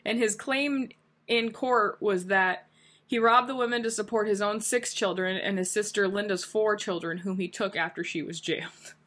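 A woman's voice: mid-range voice, steady tone, moderate pace, a bit bright. A woman co-hosting a casual true crime podcast, giggling often and making self-deprecating jokes. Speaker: podcast co-host.

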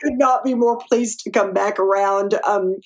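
A woman from the southern United States, a guest author talking in a casual interview, expressive and emphatic. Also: medium pitch, moderate pace.

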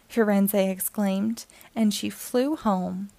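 A woman reading a children's picture book aloud, telling the story in a gentle, expressive way. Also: a little high, a little slow, gravelly, no echo.

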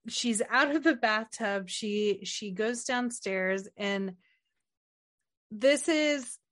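A woman chatting casually about a movie, retelling scenes in an animated way and swearing offhandedly. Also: mid-range voice. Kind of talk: casual movie recap chat.

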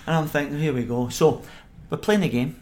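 A middle-aged Scottish man, a former footballer, telling animated stories as a podcast guest with frequent laughs. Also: a little high, brisk, slight background noise. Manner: animated anecdote-telling, acts out quoted voices, laughs often. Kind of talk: podcast interview storytelling.

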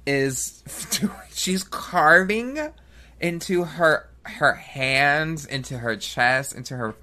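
A woman's voice: deep voice, slow pace, sharp tone. A woman chatting casually in a film review podcast, swearing freely and acting out quotes.

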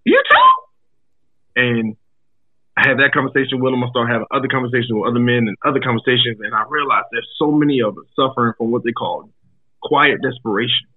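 A husky-voiced man speaks earnestly as a podcast guest, often stumbling over and repeating his words. His voice comes through a thin, tinny, phone-like line. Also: medium pitch, fast. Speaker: guest, comedian. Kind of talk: casual chat.

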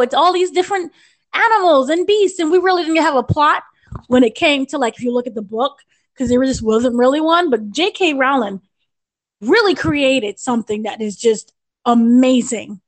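Gushing high-voiced American woman reviewing films. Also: animated, moderate pace. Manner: gushing, rambling with restarts and fillers. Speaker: entertainment editor reviewing a film. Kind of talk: enthusiastic podcast film review.

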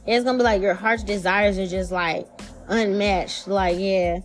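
A woman giving a casual spiritual reading, talking in a chatty, slangy way, swearing freely and acting out imagined voices with big jumps in pitch. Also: fairly even intonation, a little slow, soft background music. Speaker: tarot reader.

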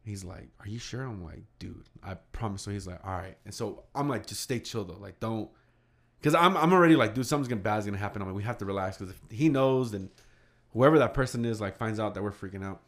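A young man telling a story casually among friends, animated and swearing, acting out the quotes. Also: fairly low pitch, fairly quick, vocal fry.

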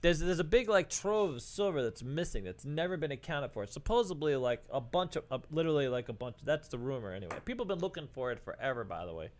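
A man's voice: on the high side, sing-song, fast talker, hardly any pauses. A middle-aged man telling casual stories as a co-host on a livestream, swearing and saying "dude" a lot. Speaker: podcast co-host.

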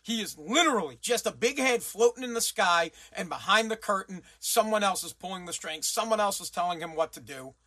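A man's voice: high voice, expressive, fairly quick, hardly any pauses, bright, forceful tone. A man hosting a commentary show, ranting bluntly and sarcastically and swearing freely.

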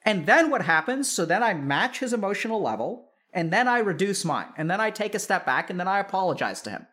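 A man speaks in a notably high voice to a live chat audience. He is a psychiatrist and talks loosely and animatedly. He peppers his talk with "like" and calls his listeners y'all. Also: fairly quick. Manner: animated, full of "like" fillers, addresses listeners as y'all.

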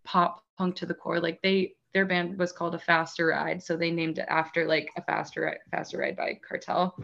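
A woman in casual chat, talking in a relaxed, rambling way with lots of fillers and frequent laughs. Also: on the low side, normal speed, gravelly, highs cut off. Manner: chatty, many "like" fillers, laughs often.

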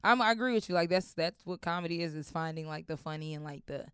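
A woman comedian telling a story as a guest in a recording studio, animated and swearing freely. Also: fairly low pitch, fast talker, clean tone, no room sound. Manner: animated, acts out voices in quotes, swears freely. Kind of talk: comic storytelling in an interview.

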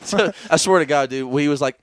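A man's voice: a little high, fairly quick, clear, resonant tone, no room sound. A young man co-hosting a crude comedy podcast, laughing often and slipping into mock accents. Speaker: podcast co-host. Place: indoor podcast setup. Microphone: podcast microphone.

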